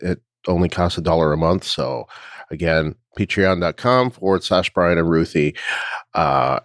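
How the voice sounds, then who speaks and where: Low-voiced guy hosting a podcast, talks slow and hesitant, dry close sound. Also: fairly bright tone, dry recording. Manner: hesitant, full of fillers and restarts. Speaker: podcast host. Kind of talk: casual podcast chat.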